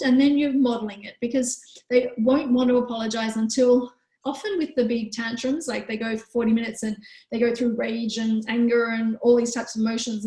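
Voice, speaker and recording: A woman hosting a live online parenting workshop who answers questions in a gentle, calm, explanatory way. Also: a little high, vocal fry, roomy sound, rough recording. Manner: gentle, calm, explanatory, with frequent "you know".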